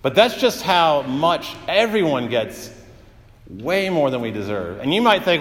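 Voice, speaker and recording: A man's voice: medium pitch, sing-song, unhurried, long reverb tail. A man preaching a sermon as pastor, in a conversational way with frequent "uh" fillers and vivid everyday examples.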